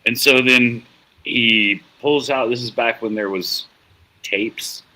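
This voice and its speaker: Man, middle-aged, host, rambling, profane, laughs at himself, bright tone, medium pitch. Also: takes it slowly, poor audio. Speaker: show host. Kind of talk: casual storytelling chat.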